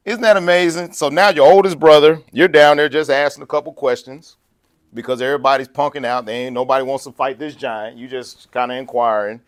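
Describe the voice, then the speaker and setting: A man preaching a sermon in a lively, conversational way, acting out quotes and laughing along the way. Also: medium pitch, brisk.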